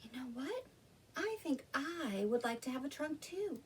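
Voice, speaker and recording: A woman's voice: high voice, unhurried, recorded from a distance. A woman voicing a curious, eager little male pig in a read-aloud storybook. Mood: thoughtful. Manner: excited, wide-eyed questions.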